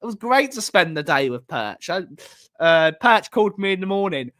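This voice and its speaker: In a high, sing-song voice with a fairly bright tone and moderate pace, a man from England hosts a relaxed livestream at home. Reading comments aloud, he greets viewers chattily, rambling and repeating phrases.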